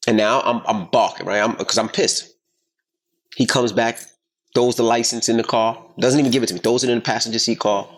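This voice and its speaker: A man in his thirties co-hosting a casual podcast, telling a story with lots of swearing and loudly acting out the voices of the people in it. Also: medium pitch, brisk. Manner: animated, profane, acts out quotes loudly. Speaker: podcast co-host.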